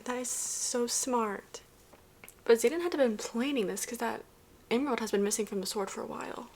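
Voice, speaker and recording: A woman's voice: a little high, normal speed, a little mellow, a little hiss or hum. A young woman vlogging about a book series, talking casually with lots of fillers and sometimes dropping to a whisper while reading. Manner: chatty, filler-heavy, often drops to a whisper while reading. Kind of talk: casual reading vlog commentary.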